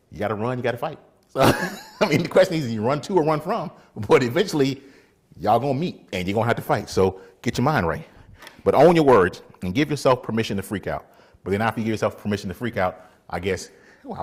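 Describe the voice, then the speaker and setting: A man, a defense attorney, giving a casual motivational faith talk, animated, laughing often and acting out little scenes. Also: medium pitch, breathy edge.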